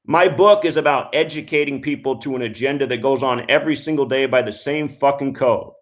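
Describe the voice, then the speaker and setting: A man's voice: medium pitch, brisk. A man hosting a call-in radio show, ranting angrily and swearing constantly at callers and critics. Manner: angry, scornful, swears constantly. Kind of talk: profane call-in show rant.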